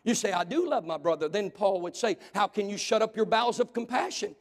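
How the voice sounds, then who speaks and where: Man, pastor, sermon, high pitched, shouted emphasis, long hall reverb. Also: expressive. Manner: preaching with shouted emphasis and dramatic pauses. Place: church sanctuary.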